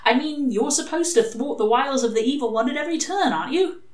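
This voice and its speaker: A woman's voice: high voice, expressive, voice pushed up. A woman voicing a sly male demon who presses his arguments urgently. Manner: pushy, fast-pressing arguments. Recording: echoey room.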